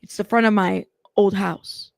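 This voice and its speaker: A woman's voice: mid-range voice, steady tone, measured pace, gravelly, no echo, clean studio sound. A woman reading out a male celebrity witness's testimony in court, giving short, plain answers.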